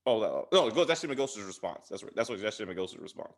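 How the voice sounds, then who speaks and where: A man co-hosting a casual TV recap chat, acting out character lines in an animated way. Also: medium pitch, fast. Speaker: podcast co-host.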